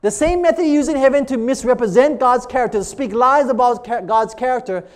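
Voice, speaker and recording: A preacher delivering a church sermon, reading scripture slowly and pressing the congregation with repeated questions, calling them beloved. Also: medium pitch. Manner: reads scripture quotes aloud slowly between comments; calls listeners "beloved" and asks for amens. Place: church service.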